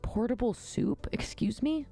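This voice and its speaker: A woman hosting a casual livestream, talking bluntly with lots of swearing and quick reactions. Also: fairly high pitch, vocal fry, dark tone, slightly rough, soft background music. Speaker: livestream host.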